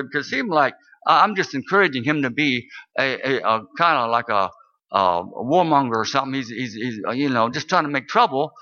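A man's voice: medium pitch, expressive, fairly quick, pushed and bright. An older man, a minister, telling a story in a sermon with earnest, sometimes fervent delivery. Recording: dull lo-fi recording.

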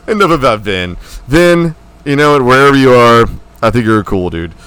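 Young man, podcast co-host, lively swinging pitch, rambling crude jokes, quick laughs. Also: clean tone, no room sound. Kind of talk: casual podcast chat.

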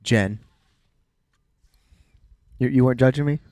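A man's voice: mid-range voice, unhurried, a little mellow, dry recording, clean studio sound. A man in his thirties, chatting casually with his wife while driving, with playful jokes and asides. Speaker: vlogger, father. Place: car.

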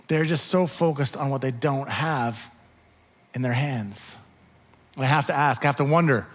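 A man preaching a sermon, animated when telling the story and dropping to soft, quiet tones. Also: on the high side, long reverb tail. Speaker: pastor.

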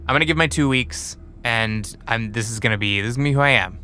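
Bright-voiced guy rambling awkward in an improv podcast, keeps second-guessing himself. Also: medium pitch, fast, a little hiss or hum. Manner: awkward, rambling, self-doubting.

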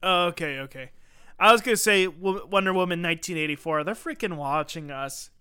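A man's voice: fairly high pitch, brisk, sharp tone, clear, resonant tone. A man hosting a casual comedy podcast, rambling through absurd bits and laughing often. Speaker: podcast host.

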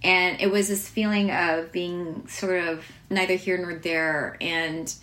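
A woman's voice: fairly low pitch, flat delivery, takes it slowly, fairly bright tone. A woman chef and restaurant owner from the United States, telling her story in an interview in a chatty way, full of fillers and frequent laughs.

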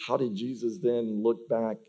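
A man's voice: mid-range voice, level tone, a little slow, dark tone. A male pastor giving a conversational sermon, often restarting sentences by repeating words.

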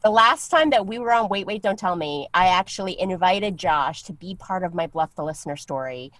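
A woman's voice: on the low side, expressive, fairly quick, a bit bright, no echo. A woman co-hosting a show, bubbly and laughing often in casual chat. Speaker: co-host.

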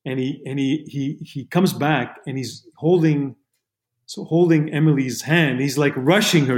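A man's voice: a little high, a little slow. A man from Montreal, a camera operator guest, telling stories casually with lots of restarts and fillers. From Montreal, Canada. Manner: rambling, many restarts and "you know". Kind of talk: casual interview storytelling.

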